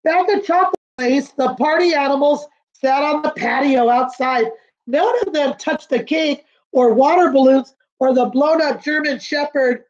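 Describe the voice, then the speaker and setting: A kindergarten teacher, a woman with a high voice, reads a picture book aloud. She stops to explain pictures and words for the children. The recording sounds dull and lo-fi. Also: a little slow, darkish tone.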